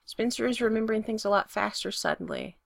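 A woman narrating a romance story aloud with an expressive, intimate reading. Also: a little high, fast, vocal fry, dry recording, clean studio sound. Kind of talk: reading fan fiction aloud.

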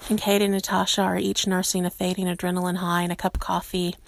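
Low gravelly woman reading a story. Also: flat delivery, quick pace, dry recording. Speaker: narrator. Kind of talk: reading fan fiction aloud.

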